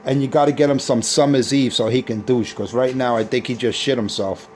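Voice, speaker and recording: A man's voice: medium pitch, steady tone, a little fast, darkish tone, a little hiss or hum. A man on a CB radio taunting rival operators in a boastful, repetitive way. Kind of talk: trash-talking radio banter.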